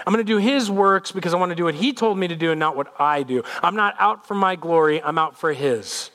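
A man voicing a calm, authoritative male teacher, measured and solemn. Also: sits high. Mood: earnest.

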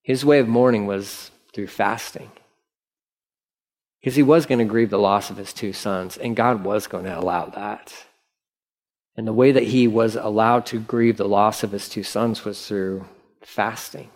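A man teaching the Bible in a relaxed, conversational way, often saying "like" as he reads scripture aloud and retells it. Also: fairly low pitch, unhurried.

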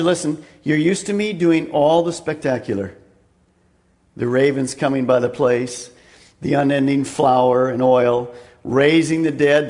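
A man preaching a sermon, swinging from loud, raised emphasis down to a hushed near-whisper and repeating words as he drives points home. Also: medium pitch. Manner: repeats words and restarts mid-phrase. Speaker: pastor.

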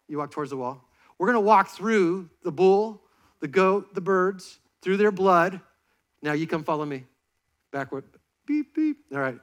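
Male pastor, a little high-pitched, preaching from a church stage; lively and playful, with jokes and stage directions. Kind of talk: sermon with on-stage demonstration. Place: church stage before a congregation.

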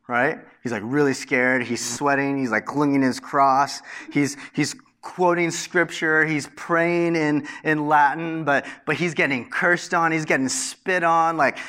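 A young man preaches in a loose, chatty way, tossing in "like" and asking "right?" after each point. His voice is bright and forceful and sits a touch high for a man. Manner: casual preaching with many fillers and rhetorical "right?". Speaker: pastor. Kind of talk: sermon.

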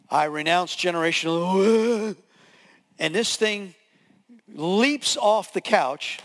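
Pastor, male, high voice, animated sermon storyteller who acts out scenes; long church-hall reverb.

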